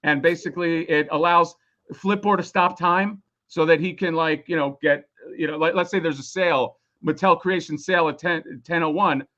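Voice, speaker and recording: A man's voice: a little high, steady tone, moderate pace, sharp tone, lo-fi sound. A man losing his voice, rambling casually and swearing a lot while explaining a toy on a live stream. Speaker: toy designer presenting a crowdfunding campaign.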